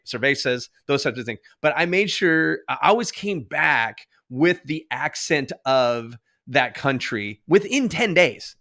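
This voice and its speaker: A man's voice: fairly high pitch, a bit bright. A man hosting a podcast, chatty and self-deprecating, laughing easily as he talks with his guest. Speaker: podcast host. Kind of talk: casual interview chat.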